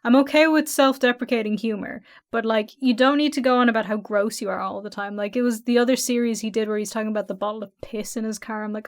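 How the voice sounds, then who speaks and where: A woman's voice: on the high side, fairly even intonation, fast, hardly any pauses. A woman co-hosting a casual podcast, chatting bluntly and laughing often. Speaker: podcast co-host.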